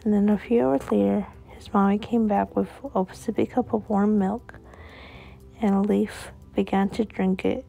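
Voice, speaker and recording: A woman narrating a homemade family story in an unhurried, plain way. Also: mid-range voice, gravelly, mellow, low-quality recording.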